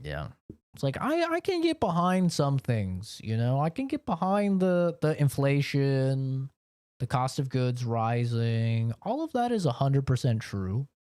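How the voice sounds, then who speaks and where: A man's voice: mid-range voice, big pitch swings, unhurried, darkish tone, clean tone, no room sound, clean studio sound. A man from the United States streaming from his home office, rambling in a casual, profane rant. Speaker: game streamer. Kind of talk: casual chat while streaming.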